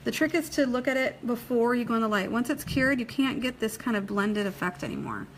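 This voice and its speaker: A woman's voice: a little high, expressive, a little fast, rough recording. A chatty woman talks through a live nail-art demonstration in a casual, folksy way. She laughs easily and keeps checking in with her viewers. A faint hiss sits under her voice. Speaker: nail technician teaching a live demo.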